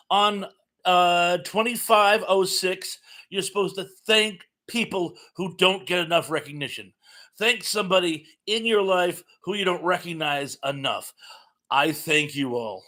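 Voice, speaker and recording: A man's voice: high voice, pushed and bright. A middle-aged man from Massachusetts hosting a casual live chat, reading viewers' comments aloud and adding jokey asides. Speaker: livestream host.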